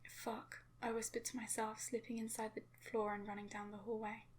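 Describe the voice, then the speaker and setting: A young woman with a slight cough, reading a first-person horror fanfiction in a hushed, often whispered, steady voice. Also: on the high side, fairly quick. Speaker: fanfiction reader.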